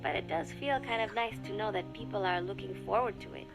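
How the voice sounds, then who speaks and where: An earnest young girl spy, voiced by an actress, speaks in a soft, formal and polite way. Her voice sits in an even middle register. Clear music plays under her lines on the game's audio track. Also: mid-range voice, fairly quick, close to an everyday voice, poor audio. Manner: soft, formal, polite speech without contractions. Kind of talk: game cassette tape voice acting. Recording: game audio with music behind.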